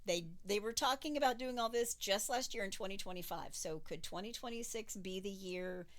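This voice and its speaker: Wry woman, true crime podcast co-host. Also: mid-range voice. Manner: conversational, wry, quick reactions. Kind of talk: casual chat, recounting a true crime case.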